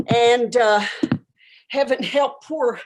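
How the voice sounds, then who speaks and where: A high, slow, drifting voice belongs to a spacey new-age guru who rambles dreamily about sex and spirit, as a woman acts her out in improv. She is self-absorbed and takes her time, heard over a video call from a bedroom. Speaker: improv performer. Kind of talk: improvised character comedy. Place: home bedroom.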